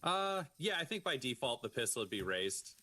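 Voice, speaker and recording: A man at a tabletop role-playing game, talking through what his character does in a casual way with fillers. His voice is animated and moves widely in pitch. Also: normal speed. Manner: explains actions with casual fillers. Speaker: player.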